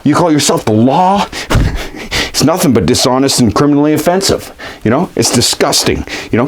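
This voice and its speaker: Rambling, heated comedic ranter, man. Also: a little hiss or hum. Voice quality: lively swooping pitch. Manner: rambling, full of fillers and restarts, heated. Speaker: comedy sketch character ranting.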